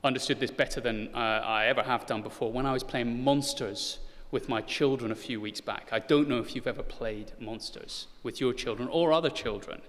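Earnest preacher in a reverberant church. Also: male voice, mid-range voice, a little fast, hardly any pauses, a bit bright. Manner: earnest, rises to urgent emphasis, with light self-deprecating humor. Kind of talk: sermon. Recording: long hall reverb.

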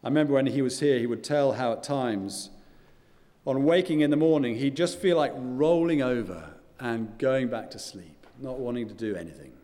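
An older male pastor preaching in a mellow, warm voice. His delivery is earnest and measured, with quiet drops at the ends of phrases. Long church-hall reverb trails every line. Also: medium pitch. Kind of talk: sermon.

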